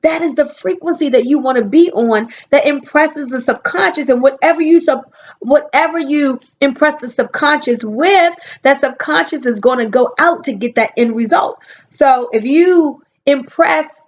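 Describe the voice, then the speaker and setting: A woman giving a motivational talk, emphatic, stretching her key words out slowly. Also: high voice, lo-fi sound. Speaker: motivational speaker.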